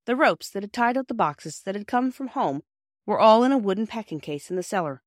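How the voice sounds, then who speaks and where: A woman's voice: mid-range voice, expressive, brisk, no room sound, studio quality. Woman reading a storybook aloud. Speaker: audiobook reader. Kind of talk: storybook narration.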